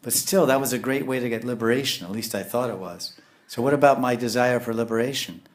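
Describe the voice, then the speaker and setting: A man preaching a spiritual sermon in a lively, animated way, chuckling now and then as he explains. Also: mid-range voice, quick pace. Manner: animated, lapses into scolding voices when quoting; frequent chuckles and restarts. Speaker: spiritual teacher.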